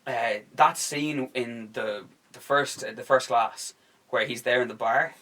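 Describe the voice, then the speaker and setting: A young man hosting a podcast in casual chat, excitable and sweary, acting out scenes as he talks. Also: medium pitch, a little slow. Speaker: podcast host.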